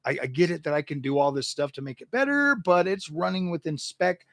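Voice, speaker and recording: A man's voice: on the high side, fairly quick, vocal fry, fairly bright tone, no echo, studio quality. A man hosting a tech channel, chatting casually and animatedly, exasperated, often stammering and repeating himself. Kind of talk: casual livestream chat.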